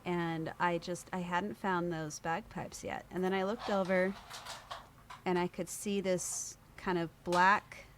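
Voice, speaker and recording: Animated woman telling a story. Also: fairly low pitch, slow, slight background noise. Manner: animated storyteller, acts out quoted voices. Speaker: podcast guest. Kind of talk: storytelling in conversation.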